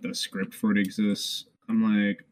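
A man co-hosting a casual podcast, lively and quick to laugh. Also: lowish voice, a little hiss or hum. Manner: laughs easily, lively, jokey. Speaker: podcast co-host. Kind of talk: casual chat.

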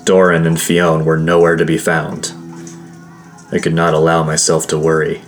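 Deep-voiced man narrating a fantasy tale. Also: monotone, moderate pace. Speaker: audiobook narrator. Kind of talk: first-person fantasy narration.

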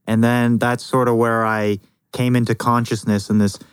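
A man from Canada, a podcast guest, talking in a dry, wry, measured way. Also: mid-range voice, level tone, clean tone, no echo. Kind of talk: casual chat.

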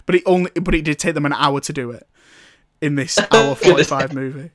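A man's voice: a little high, fairly quick, very noisy. A man casually recapping a film, rambling and amused, with sarcastic asides and frequent laughter. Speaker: film reviewer.

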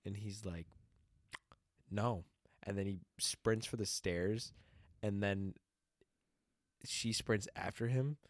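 A young man trades funny stories with a friend in a relaxed, animated way, swearing freely. His voice sits a little low and the sound is dry and close. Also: takes it slowly, long pauses, no echo. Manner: animated, profane, laughing storyteller. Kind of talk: casual storytelling chat.

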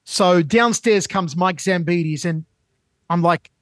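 A man co-hosting a sports show, telling stories in an animated way with fast bursts of speech. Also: high-pitched, no room sound. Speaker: show co-host and interviewer. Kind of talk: casual sports show chat.

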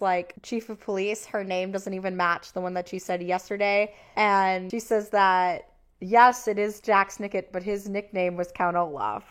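A woman talks through a TV series recap in a loose, chatty way, leaning on filler words. She sounds animated and opinionated, with frequent exasperated asides. Her voice sits in an ordinary middle range for a woman. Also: mid-range voice. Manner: chatty, with many filler "likes". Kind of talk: casual episode recap.

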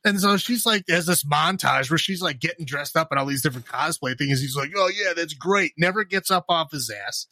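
A man co-hosts a casual podcast with a bright, slightly high voice. He talks about a film in an animated, sarcastic way, with plenty of fillers and laughs. The recording is close and dry. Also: a little fast, few pauses, no room sound. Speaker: podcast co-host. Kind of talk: casual horror movie chat.

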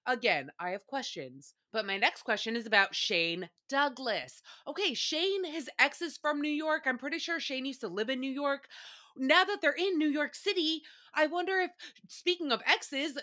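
A woman hosting a solo recap podcast, her voice bright and fairly high. She rambles in a chatty, animated way and swears freely. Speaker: podcast host.

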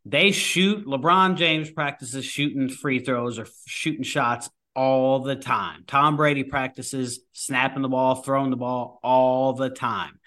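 A man's voice: medium pitch, steady tone, a little slow, few pauses, pushed and bright. A man, a firefighter guest, talking casually in a rambling way with many restarts. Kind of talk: casual conversation.

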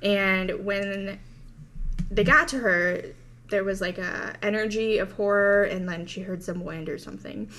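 A woman's voice: medium pitch, unhurried, fairly bright tone, a little hiss or hum. A woman podcast host casually retelling an alien encounter story, quoting voices and breaking into laughs.

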